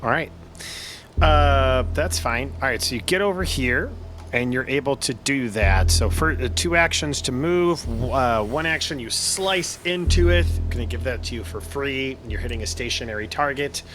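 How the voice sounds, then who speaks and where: A man's voice: medium pitch, moderate pace, slight background noise. Man running a tabletop game. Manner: relaxed, explains rules patiently. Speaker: game master.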